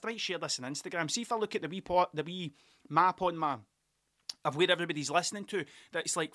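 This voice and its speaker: A man's voice: high voice, a bit bright, no room sound, clean studio sound. A middle-aged Scottish man hosting a podcast, talking in a rambling, sweary monologue with constant restarts. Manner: sweary, rambling, frequent self-interruptions. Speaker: podcast host. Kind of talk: casual monologue. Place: workshop.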